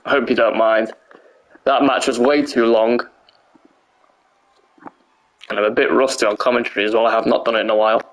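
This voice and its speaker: A young man commentating a wrestling video game on a live stream, excitable and tired, laughing and swearing often, his voice hoarse. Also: mid-range voice, a little fast, pauses often.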